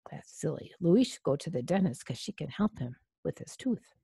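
A woman reading a children's picture book aloud, gently explaining the story to a young listener. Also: low voice, animated, normal speed, vocal fry, husky, no room sound, studio quality.

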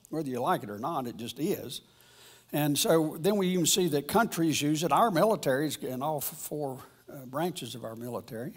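Husky-voiced man teaching a Bible lesson. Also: a little high. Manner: rambling, halting, with frequent restarts. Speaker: church teacher.

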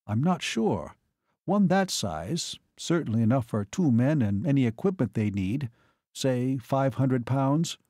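Calm, explanatory officer for an audiobook, read by a man; mid pitch, dry sound. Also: no room sound. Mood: thoughtful. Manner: measured, explanatory.

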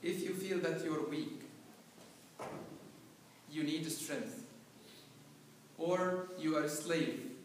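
A man with a high voice delivers a sermon in a church, unhurried as he tells a story and then rising to loud cries. He is heard from a distance, his voice washing through a very echoey church, with faint room ambience underneath. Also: slight background noise. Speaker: priest. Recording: echoey live church recording from far off.

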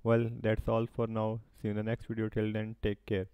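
A man's voice: lowish voice, completely flat delivery, brisk, warm tone, clean tone, dry recording. A man hosting a website review channel, giving a scripted warning with frequent hesitant fillers.

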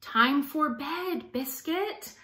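A woman plays a storybook grown-up who calmly and slowly coaxes a puppy to bed. The voice is bright and a little raised. A roomy echo surrounds it. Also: sits high, a little hiss or hum, pitched above the performer's own voice, heavily acted. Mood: coaxing.

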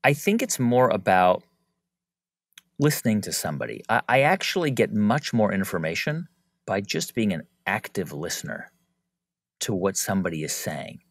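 A man guest on a podcast, talking reflectively and getting animated when he acts out examples. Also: fairly low pitch, normal speed, no echo, clean studio sound. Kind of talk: conversational interview.

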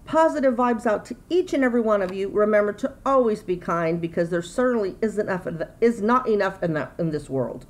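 A woman's voice: mid-range voice, lively intonation, brisk, hardly any pauses, a little mellow, rough recording. A middle-aged woman, chatting casually and rambling through a grocery haul at home. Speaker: YouTube vlogger.

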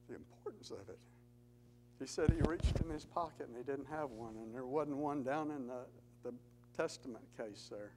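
A man's voice: medium pitch, moderate pace, a little mellow, rough recording. Man, church testimony speaker, earnest storyteller who builds emphasis; mid voice, light hum on the recording.

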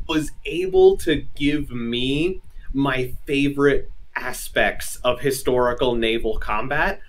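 As a guest in a casual interview, a male game designer with a mid-range voice explains things at length. He's earnest and leans on plenty of "you know" and "like."

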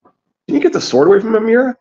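A man's voice: high-pitched, sing-song, fast, dark tone, pitched above the performer's own voice. A man voicing a scared but proud young boy prince in a lightly raised boyish voice. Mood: anxious. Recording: dull lo-fi recording.

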